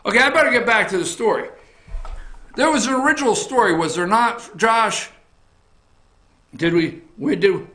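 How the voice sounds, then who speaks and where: Loud ranting man, echoey office. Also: sits high, lively intonation, moderate pace, long pauses. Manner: blunt, swearing, emphatic rant with repetitions; frequently shouting. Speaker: talk show host. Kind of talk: opinion rant on politics.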